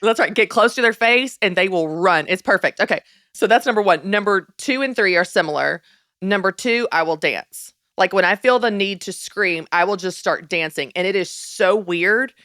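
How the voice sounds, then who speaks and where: A woman's voice: mid-range voice, moderate pace, no echo. Upbeat woman podcast host, dry close sound. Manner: upbeat and lively, laughs often. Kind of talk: faith-based parenting podcast chat.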